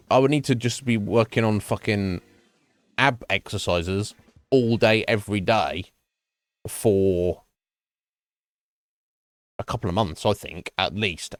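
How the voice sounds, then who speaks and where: A man's voice: fairly low pitch, a little slow, dry recording. A man chatting casually on a gaming stream at home, rambling and swearing freely. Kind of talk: casual chat while gaming.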